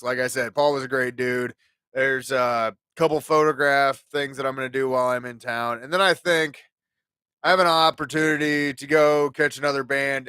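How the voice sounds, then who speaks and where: A man's voice: mid-range voice, sharp tone, smooth, dry recording. A man in his forties hosting a podcast, telling stories in a casual, profane, ranting way. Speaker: podcast host.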